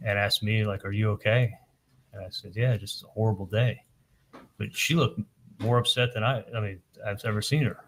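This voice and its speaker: A man testifying in court, telling events in a halting way, often repeating words and retelling what was said with "I'm like". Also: on the low side, fairly even intonation, fairly bright tone, a little hiss or hum. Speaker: trial witness testifying.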